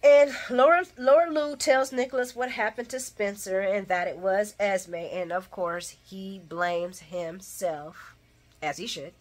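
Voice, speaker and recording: A woman hosts a casual soap opera recap at a slow pace, her medium-pitched voice expressive. She's chatty and opinionated, laughs often, and talks straight to her viewers, calling them y'all.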